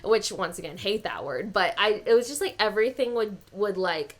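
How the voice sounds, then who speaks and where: A woman's voice: medium pitch, animated, normal speed. A young woman chatting casually as a podcast guest, laughing often and swearing freely. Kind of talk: casual chat.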